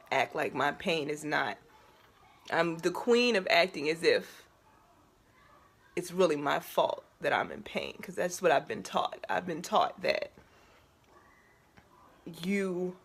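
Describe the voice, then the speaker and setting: Woman vlogger, husky voice, confessional and raw, halting delivery veering from nervous laughs to near tears. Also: fairly low pitch, animated. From Baltimore area, USA. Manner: emotional, halting, shifts between laughter and tears. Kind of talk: personal confessional vlog.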